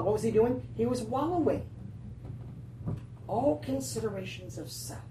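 A woman pastor preaching a lively sermon, laughing often and calling out for responses from the room. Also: fairly low pitch. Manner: animated, laughing, calls for audience response. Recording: roomy, distant, faint noise.

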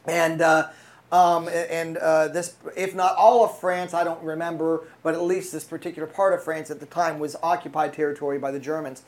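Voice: medium pitch, level tone, moderate pace. A preacher delivering a sermon, telling a story with frequent fillers and restarts and calling out to the congregation for responses.

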